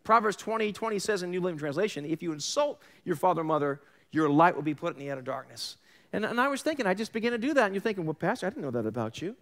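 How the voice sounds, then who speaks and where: Animated New pastor preaching. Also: male voice, high-pitched, racing. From Long Island, New York. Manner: animated storytelling, acts out quoted voices, sarcastic asides. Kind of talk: sermon.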